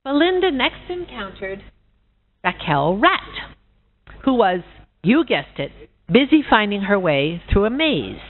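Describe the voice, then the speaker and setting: Woman storyteller at a conference, animated pitch, tinny phone-like recording. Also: slow pace. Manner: expressive storytelling. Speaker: conference speaker. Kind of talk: reading a fable aloud.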